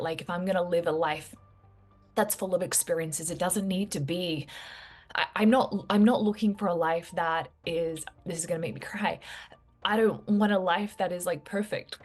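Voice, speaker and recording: A woman talking to her viewers in a heartfelt, reflective way, full of casual fillers. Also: on the low side. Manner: earnest, reflective, many fillers like "like". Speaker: vlogger. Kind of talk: heartfelt personal talk to camera.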